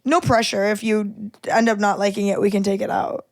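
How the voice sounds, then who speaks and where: A woman's voice: mid-range voice, little pitch movement, brisk. A woman in her thirties hosting a podcast, blunt and opinionated in casual chat. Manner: blunt, opinionated, swears freely. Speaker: podcast host.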